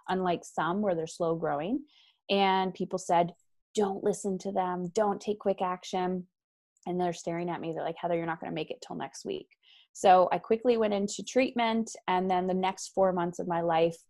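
Here an Ontario-based author appears as a guest, telling a candid personal story in conversation. Her voice sits on the lower side, and she's frank and animated, voicing the people she quotes and slipping in brisk asides.

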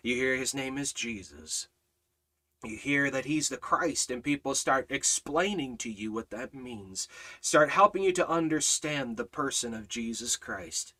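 A man leading a Bible study as a sermon, dropping to hushed low passages and building to loud, high-pitched preaching. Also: animated, measured pace. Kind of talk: impassioned sermon.

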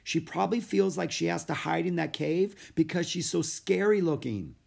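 A man voicing an eager, bold young girl who talks in bubbly, excited bursts. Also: fairly high pitch, moderate pace, creaky, slightly rough, pitched above the performer's own voice, heavily acted. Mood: earnest. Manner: excited, bubbly, shouting gladly.

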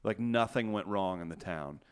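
A man's voice: low-pitched, normal speed, clear, resonant tone. A man on a comedy panel, asking probing questions in a dry mock cross-examination.

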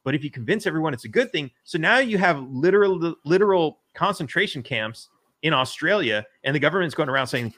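A man's voice: fairly high pitch, expressive, fairly quick, a bit bright. A man hosting a casual political podcast, rambling and swearing, with lots of fillers and restarts. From United States. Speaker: podcast host.

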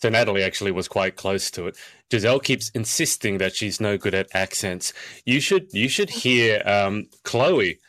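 Man, podcast host, lowish voice, dry close sound, chatty and teasing. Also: expressive, a bit bright, no echo. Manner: chatty, teasing, quick to laugh. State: short on sleep. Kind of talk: casual podcast chat.

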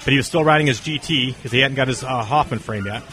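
A fast-talking man with a medium-pitched voice shares long, casual stories as an interview guest, with faint music in the background. Hailing from North Carolina, he animatedly acts out the people's quoted lines.

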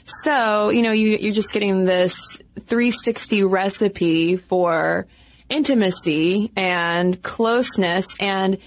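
Woman co-host, jokey and quick to laugh, dry sound. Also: medium pitch, no echo. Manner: joking, laughs often. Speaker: podcast co-host. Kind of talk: casual podcast chat.

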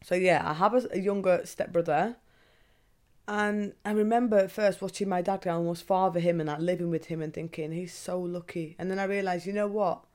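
A woman's voice: lowish voice, fairly even intonation, a little fast, darkish tone. Frank woman podcast host. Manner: candid, frank, swears freely. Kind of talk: casual confessional monologue.

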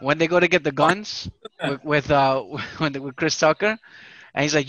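A slightly high-pitched man tells rambling, slang-heavy stories among friends and laughs often. The sound is dull and very dry. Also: moderate pace, a bit bright, dry recording. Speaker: podcast co-host. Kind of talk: casual chat.

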